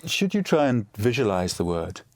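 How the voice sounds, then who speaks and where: A man's voice: fairly low pitch, very animated, normal speed, no room sound. A man learning French, carefully repeating phrases after his teacher. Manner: careful, tentative repetition. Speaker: student. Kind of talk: repeating phrases in a language lesson.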